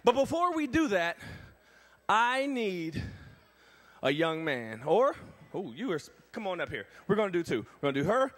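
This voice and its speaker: This man's voice is high-pitched and he speaks at a normal speed. He's doing a strength ministry demonstration on a church event stage, full of energy as he fires up the crowd and the kids.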